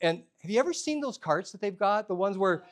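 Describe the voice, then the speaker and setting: A man's voice: high voice, animated, a little fast. A man telling a comic story at a live workshop, self-deprecating and humorous. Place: workshop room with a live audience.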